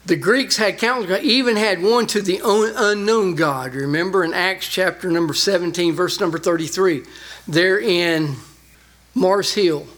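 A man preaching a sermon, reading scripture and explaining it with rising emphasis. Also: a little slow. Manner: animated, rising in pitch when emphasizing. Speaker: pastor.

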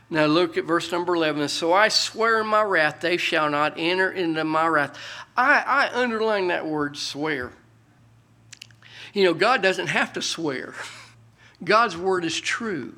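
A man preaching a sermon as pastor, reading scripture aloud loudly and dropping to quiet, folksy asides. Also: on the high side, expressive, measured pace.

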